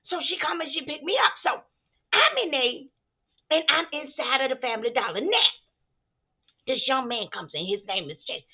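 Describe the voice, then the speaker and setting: A woman playing a feisty older churchgoing usher with a gravelly voice, telling a comic story to the listeners. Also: sits high, expressive, moderate pace, exaggerated voice. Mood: gossipy. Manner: sassy, addresses listeners as y'all. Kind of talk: comedic character monologue. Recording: tinny phone-like sound.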